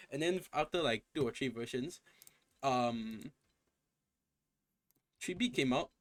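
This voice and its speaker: A man's voice: mid-range voice, animated, moderate pace, long pauses. A young man ranting in a casual gaming commentary, exasperated and profane, often repeating and restarting his phrases. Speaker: gaming content creator.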